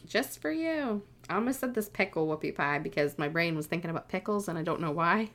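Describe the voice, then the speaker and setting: Lively, playful woman podcast co-host. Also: on the low side, fairly quick. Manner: playful, expressive, sing-song asides. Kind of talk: casual chat.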